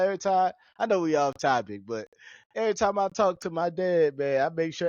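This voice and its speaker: A man with a fairly high voice that swings widely up and down as he tells stories on his podcast. He talks loosely and casually, breaking into squeaky quoted voices. The sound is dry and a bit dull, like a lo-fi recording. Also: brisk, no echo. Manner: animated storyteller who breaks into high-pitched quoted voices. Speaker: podcast host.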